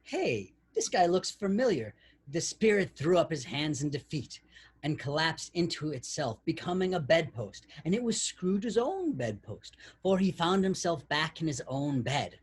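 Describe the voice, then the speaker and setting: A male co-host reading a comic story aloud and bantering, an animated storyteller who laughs often. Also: a little high, a little slow, slightly rough. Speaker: podcast co-host.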